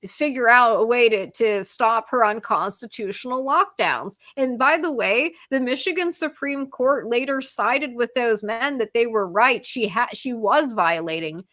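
Animated woman, sarcastic. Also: a little high, unhurried, few pauses, dry recording, studio quality. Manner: animated, many fillers, sarcastic. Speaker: guest journalist. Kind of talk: podcast interview.

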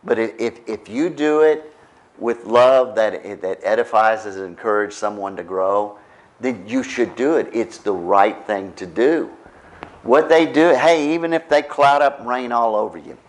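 A middle-aged man preaching a conversational sermon as pastor, often checking in with his listeners. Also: medium pitch. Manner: conversational preaching, keeps asking "right?".

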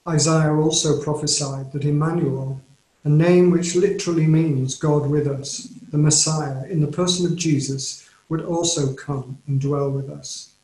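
A man with an English accent preaching a sermon in an earnest, measured way, leaning on key phrases. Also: on the high side, steady tone, mellow. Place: church or home, recorded for online service. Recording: roomy echo.

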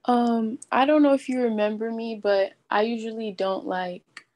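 A woman's voice: fairly high pitch, steady tone, moderate pace, a little mellow. A woman telling her testimony on a live call, hesitant and full of fillers. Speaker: caller sharing a testimony.

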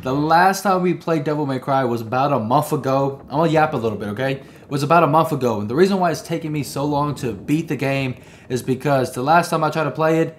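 A young man giving excitable let's-play commentary, swearing, laughing and talking back to the game as he plays. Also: a little high, fast talker, soft background music. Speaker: gamer playing through a video game.

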